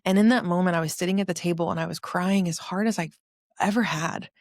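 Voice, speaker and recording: Low-voiced woman telling her own story. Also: fast, darkish tone, dry recording, studio quality. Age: about 40. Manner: earnest, emotional, confessional. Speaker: podcast host. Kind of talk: personal testimony storytelling.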